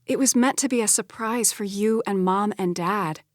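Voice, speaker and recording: A woman's voice: mid-range voice, moderate pace, no room sound, clean studio sound, close to an everyday voice. Woman voicing an earnest young twin sister. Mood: pleading.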